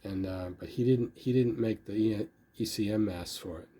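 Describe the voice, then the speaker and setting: A man's voice: fairly low pitch, normal speed, mellow, slightly rough. An older man casually talking about his model building, rambling and filling his speech with "you know.". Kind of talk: casual hobby video talk.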